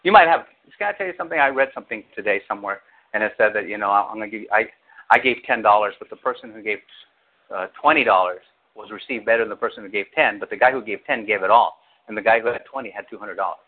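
A male pastor preaching an animated sermon, acting out quotes with big jumps in his voice. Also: lowish voice, quick pace. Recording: tinny phone-like audio.

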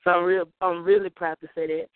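A young Southern woman calls in on a tinny, dry phone line, her fairly low voice flat and a little fast. She delivers her testimony to the call-in show emphatically, like a preacher, addressing listeners directly.

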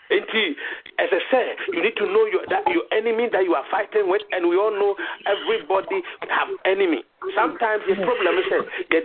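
High-voiced Ghanaian man preaching over the phone. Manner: exhorting, repeats phrases with halting restarts. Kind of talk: sermon mixing Twi and English. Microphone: phone call. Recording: tinny phone line with faint noise.

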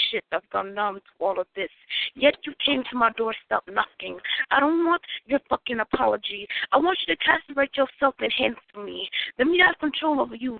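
Gravelly woman performing fierce spoken word. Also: on the high side, no echo. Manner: raw, confrontational delivery. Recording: tinny phone line.

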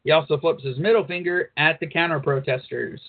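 A man's voice: a little high, fairly quick, creaky. A man co-hosting an uncensored talk radio show, reading news aloud with crude, blunt asides. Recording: phone-like narrow band.

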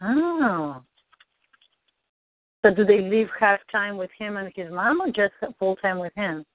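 A woman coaching a client through a tapping session, asking gentle, probing questions. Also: mid-range voice, animated, slow pace, no room sound. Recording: dry tinny phone-like line.

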